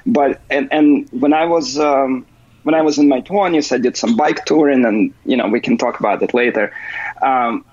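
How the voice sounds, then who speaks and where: Male podcast guest on a remote call, slightly husky, hesitant, muffled call audio. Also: medium pitch, normal speed, a little mellow, dry recording. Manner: hesitant, many fillers and restarts. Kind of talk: casual interview.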